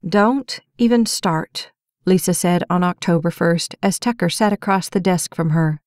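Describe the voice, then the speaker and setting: A woman's voice: fairly low pitch, steady tone, normal speed, a little mellow, dry recording, studio quality. A woman narrating a romance novel audiobook, reading all the characters' dialogue in her own voice. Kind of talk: scripted narration.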